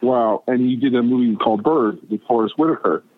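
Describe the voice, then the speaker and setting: Heard on a tinny phone line, a middle-aged man speaks fairly quickly in a medium-pitched voice as a guest telling long, casual stories. He rambles, stammers through restarts, and acts out quotes with animation.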